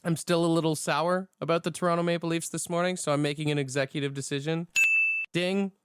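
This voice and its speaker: A man's voice: fairly high pitch, steady tone, quick pace, smooth, dry recording, studio quality. A man hosting a morning radio show, chatting casually and joking with callers. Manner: joking, laid-back banter.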